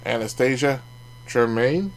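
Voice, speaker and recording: With a mid-range, expressive voice and a measured pace, the host of a card collecting channel works through a casual card review vlog. He's talkative, slipping in playful asides and laughing at his own comments.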